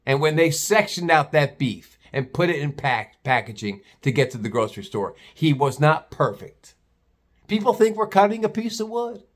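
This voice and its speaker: In a casual vlog, a retired butcher, now an older man, spins an animated yarn bluntly and with heavy profanity. He speaks at an ordinary speed in a slightly high voice.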